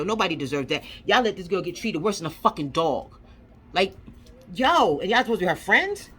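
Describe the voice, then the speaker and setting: A woman's voice: mid-range voice, a bit bright, slightly rough. A woman vlogger ranting angrily, swearing and firing off rhetorical questions with lots of repetition. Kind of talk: angry commentary rant.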